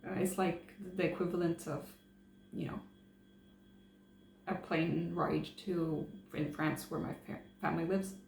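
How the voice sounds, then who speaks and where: A woman's voice: deep voice, steady tone, unhurried, gravelly, pauses often, a little mellow. A woman chatting casually to camera, hesitant, with many fillers and restarts. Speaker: travel vlogger. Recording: roomy echo, faint hum.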